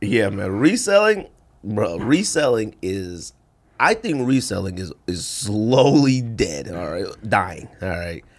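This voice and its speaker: A man's voice: fairly low pitch, very animated, slow pace. A young man co-hosting a podcast, chatting casually and joking, laughing often. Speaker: podcast co-host. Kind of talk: casual chat.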